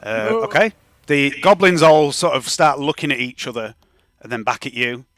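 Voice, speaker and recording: A man's voice: mid-range voice, animated, normal speed, a bit bright, dry recording. A man narrating as game master of a tabletop game, rambling with frequent hesitations and restarts.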